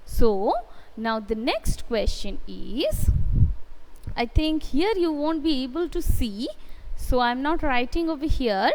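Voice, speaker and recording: Slow, sing-song Indian English teacher. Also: female voice, sits high, very animated, darkish tone, long reverb tail. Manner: slow, sing-song dictation, stretching words and spelling letters aloud; encouraging praise of pupils. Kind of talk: live online class lesson.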